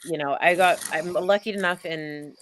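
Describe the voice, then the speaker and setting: A man hosting a podcast, chatting in a relaxed way with lots of filler words. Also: a little high, moderate pace, a little hiss or hum. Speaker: podcast host. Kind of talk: casual podcast conversation.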